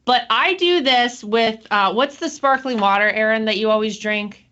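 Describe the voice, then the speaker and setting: A woman's voice: a little high, moderate pace, sharp tone, highs cut off. A woman hosting a casual chat show, talking in an upbeat, chatty way. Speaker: host.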